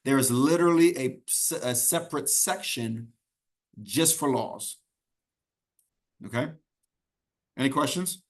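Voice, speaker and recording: Unhurried and pausing often, a medium-pitched man leads a live online exam prep class. He stays conversational and supportive, repeating key points and checking in frequently with "okay?".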